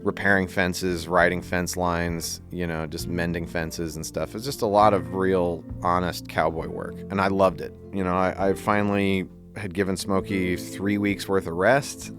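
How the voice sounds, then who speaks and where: A man in his forties casually recalling a long journey in an interview, relaxed and reflective, with frequent "you know"s. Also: sits low.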